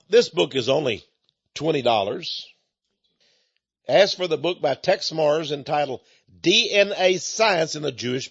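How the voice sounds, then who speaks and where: A man's voice: a little high, creaky, fairly bright tone, slightly rough, lo-fi sound. A man from Texas with an East Texan accent, giving a folksy, emphatic preaching monologue.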